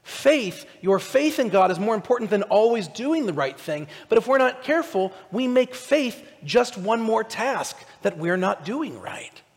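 High-voiced preacher in a reverberant church. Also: male voice, a little slow, hardly any pauses. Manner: conversational, animated, asks listeners questions. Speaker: pastor. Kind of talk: sermon.

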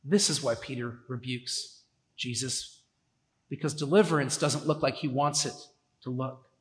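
A man's voice: mid-range voice, unhurried. A man preaching a sermon in a conversational way, with emphatic repetitions, in a church sanctuary. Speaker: pastor. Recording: echoey hall with long reverb.

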